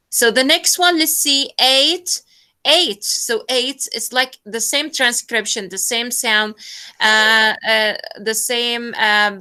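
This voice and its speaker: A woman teaching a phonetics class online, slowly repeating words to model their pronunciation. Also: on the high side, bright, forceful tone.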